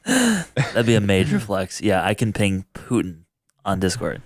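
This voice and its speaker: A man's voice: on the low side, wildly swooping pitch, a little slow, no room sound, clean studio sound. A man in his twenties co-hosting a podcast in casual chat, joking and laid-back. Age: 20s. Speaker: podcast co-host.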